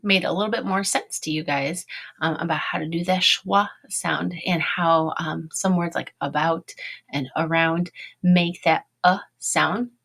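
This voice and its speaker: A woman teacher in her thirties leads young children through a phonics lesson. She talks patiently and sounds out each letter and syllable slowly. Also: fairly low pitch, fairly even intonation, gravelly, fairly bright tone, husky.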